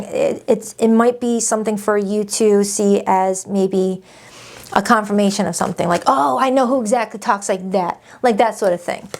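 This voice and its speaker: A woman's voice: mid-range voice, a little mellow. Chatty woman giving a tarot reading. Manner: chatty, emphatic, repeats phrases. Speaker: tarot reader. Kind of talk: casual tarot reading monologue.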